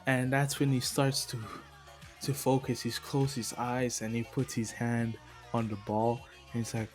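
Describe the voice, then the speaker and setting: A man loosely narrating a made-up anime story at a slow, easy pace, wandering off track and laughing at himself. His pitch sits in the middle, and faint music plays underneath. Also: level tone. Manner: rambling, laughs at himself, self-correcting. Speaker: video creator. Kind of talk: casual retelling of a fan story.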